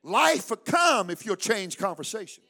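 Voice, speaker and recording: A man preaching a fiery sermon at a church service, shouting, chanting, and calling on the congregation to answer back. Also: high-pitched, big pitch swings, moderate pace, gravelly. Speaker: pastor.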